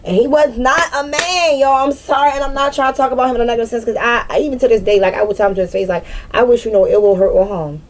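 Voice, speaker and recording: A woman's voice: high-pitched, very fast, hardly any pauses. A woman giving a casual spiritual reading to her viewers, candid and slangy, with frequent swearing. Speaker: spiritual reader.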